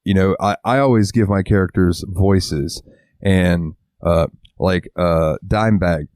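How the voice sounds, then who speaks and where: A man's voice: sits low, measured pace, darkish tone, dry recording. A man co-hosting a casual podcast, rambling and swearing freely, acting out little quotes as he talks. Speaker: podcast co-host. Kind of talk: casual chat.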